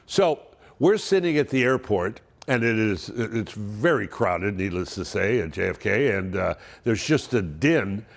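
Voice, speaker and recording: A man's voice: lowish voice, animated, measured pace, creaky. A man in his seventies telling stories in a monologue, with wry, dry humor. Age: 70s. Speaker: narrator of a yearly family letter. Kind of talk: storytelling monologue.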